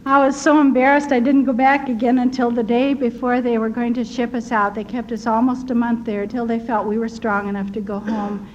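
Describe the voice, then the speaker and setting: An older American woman earnestly recounting personal wartime memories in a tender, animated storytelling manner, with a slightly dull recording and faint hiss. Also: fairly high pitch, fairly quick, hardly any pauses. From United States. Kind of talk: personal testimony.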